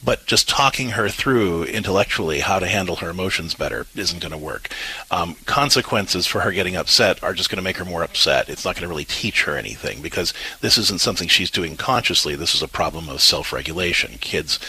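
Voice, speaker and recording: A man co-hosts a parenting advice talk show, explaining calmly and earnestly. His voice sits low and sounds husky, with a bright, forward edge. He often repeats words as he works through a thought. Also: fairly quick, poor audio.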